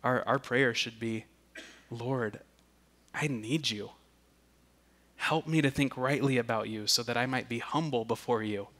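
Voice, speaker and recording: A man preaching a sermon, deliberate and earnest, often repeating a word as he restarts. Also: mid-range voice, a bit bright. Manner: slow and deliberate, with emphatic restarts. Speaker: pastor.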